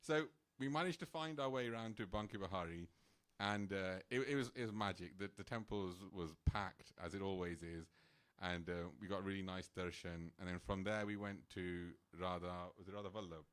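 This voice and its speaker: A low-pitched man speaks briskly at a temple program. He relates something from his own life in an animated, easygoing manner, with frequent "like"s and small laughs.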